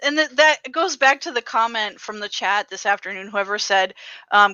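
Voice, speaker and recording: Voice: medium pitch, lively intonation, moderate pace, pushed and bright, dry recording, muffled recording. A livestream co-host making wry, laughing asides in casual chat.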